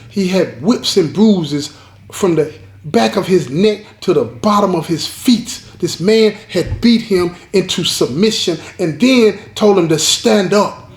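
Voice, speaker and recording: A man's voice: high voice, a little mellow. A man telling a dramatic story to his viewers, emphatic and repeating key lines, talking straight to the audience. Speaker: storyteller host. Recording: roomy echo.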